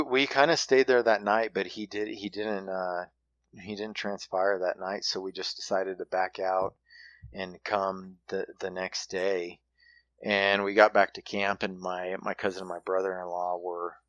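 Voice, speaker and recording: A man casually telling a hunting story in a halting way, with many restarts and fillers. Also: low voice, level tone, dry recording, highs cut off.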